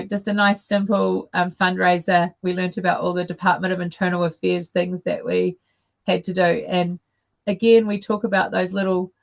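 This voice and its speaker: A middle-aged woman tells a personal story to an online meeting over a video call, unhurried and full of fillers and restarts. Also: fairly low pitch, creaky. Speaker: guest speaker.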